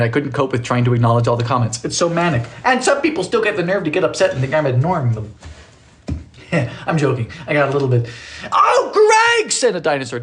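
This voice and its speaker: Chatty male baking streamer in a small home kitchen, fairly high voice, lots of swing in the pitch, jokey, thanks viewers by name. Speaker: baking livestream host. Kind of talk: casual live-stream chat while baking.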